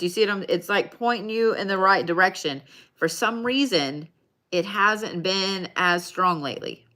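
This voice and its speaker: A woman's voice: medium pitch, normal speed, pushed and bright. A woman giving live card readings, talking casually and addressing viewers by name. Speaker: tarot card reader.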